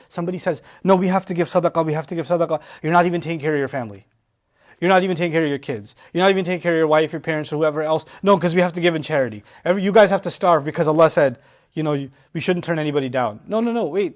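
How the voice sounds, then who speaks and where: A man giving a lecture on Quran verses, animated, asking rhetorical questions and acting out what people say. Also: high-pitched. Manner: animated, rhetorical questions, acts out quoted voices. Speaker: Quran teacher.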